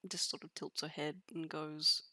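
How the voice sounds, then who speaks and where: A woman's voice: low-pitched, little pitch movement, normal speed, pushed and bright, no echo. A woman playing a tabletop role-play game, narrating her character hesitantly with many restarts and giggles.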